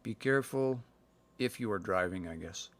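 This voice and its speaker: A man's voice: lowish voice, expressive. Man sounding out phrases on a livestream. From Canada. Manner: thinks aloud, sounds out words slowly, many fillers. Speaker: language learner sharing practice phrases. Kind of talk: casual livestream language lesson. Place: indoors, livestream. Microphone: phone.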